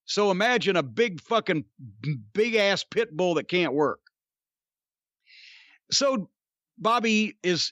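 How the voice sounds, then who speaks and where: Man, high voice, dry close sound, casual rambling storyteller, swears a lot. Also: a bit bright, no echo. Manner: profane, rambling, laughs at own story. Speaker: podcast host, storyteller. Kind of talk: casual anecdote telling.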